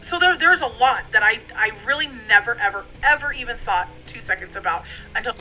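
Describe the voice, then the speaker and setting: Bright, chatty woman vlogger. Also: a little high, animated, fairly quick, soft background music, poor audio. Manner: rambling and friendly, many fillers. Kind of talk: casual chatty vlog. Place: dining room at home.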